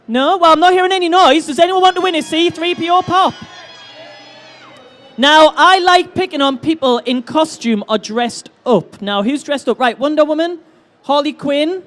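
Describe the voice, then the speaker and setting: A man hosting a fan convention stage, loud and playful as he banters with the crowd and runs a giveaway. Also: very high-pitched. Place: big indoor convention hall stage.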